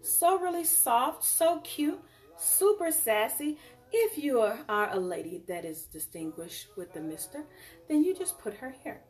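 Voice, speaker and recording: A woman hosting a live jewelry sale, chatting casually and warmly addressing viewers as y'all and honey. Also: sits high, big pitch swings, a little slow, far from the mic, faint music behind.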